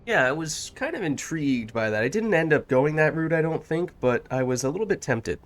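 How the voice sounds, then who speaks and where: A man's voice: a little high, animated, brisk. A man streaming a video game, chatting casually with a co-player and making dry jokes. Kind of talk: casual gameplay chat.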